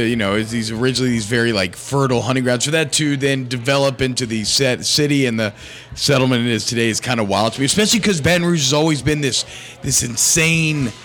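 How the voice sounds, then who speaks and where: This is a man co-hosting a casual podcast, with a voice of ordinary pitch. He thinks out loud, loops back on himself and restarts often, sounding curious rather than polished. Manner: thoughtful, rambling with restarts. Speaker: podcast co-host. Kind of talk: casual chat.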